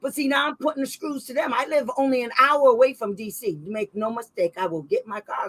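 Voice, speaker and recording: A slightly high-voiced woman leads a special education advocacy livestream in an easygoing, animated way. She drifts between topics, dropping quick sarcastic comments, over a rough-sounding recording.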